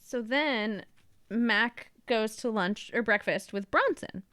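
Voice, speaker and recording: A woman's voice: on the high side, takes it slowly, fairly bright tone, no echo. A woman co-hosting a podcast, recapping a TV episode in casual chat and acting out characters' lines. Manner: chatty, acts out characters' lines in quotes. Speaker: podcast co-host.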